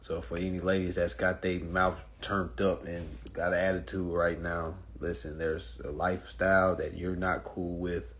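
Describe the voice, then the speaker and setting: A young man talking straight to his live-stream viewers from his phone, blunt, swearing freely, and animated. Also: moderate pace, few pauses, a little hiss or hum. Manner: mocks women in a high falsetto. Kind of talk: casual monologue to viewers.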